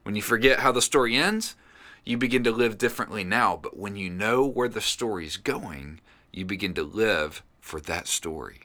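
A middle-aged man, a pastor hosting a podcast, delivering an earnest, encouraging devotional sermon with animated storytelling. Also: lowish voice, normal speed.

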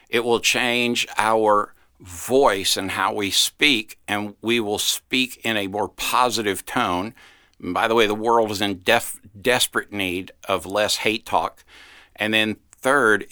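A man speaking as a pastor, giving an earnest podcast devotional that rises into loud exhortation. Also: fairly low pitch, no room sound.

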